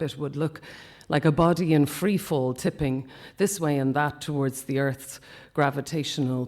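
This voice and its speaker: A man reading a personal account aloud at a festival talk, quiet and measured, often dropping to a hush. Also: fairly high pitch. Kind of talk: reading a memoir piece aloud.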